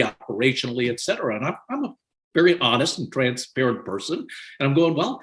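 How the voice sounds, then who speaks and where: Animated older man telling stories. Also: medium pitch. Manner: animated, laughs often while telling stories. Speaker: podcast guest. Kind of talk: conversational storytelling.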